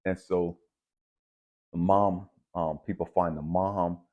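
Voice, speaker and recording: A channel host tells a personal story in a low, slow voice on a lo-fi recording. He's relaxed and conversational, mixing slang like "bet" and "dap" with spiritual reflection.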